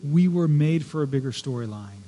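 A pastor preaching in a chatty style, man with a fairly high voice. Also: lively intonation, normal speed, dark tone. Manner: conversational, digressive storytelling with personal asides. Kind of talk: sermon.

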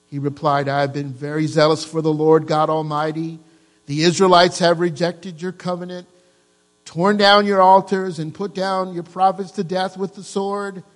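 A man preaching a sermon to his congregation, lively, asking them questions and joking. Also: fairly high pitch, in a large hall. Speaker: pastor. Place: church.

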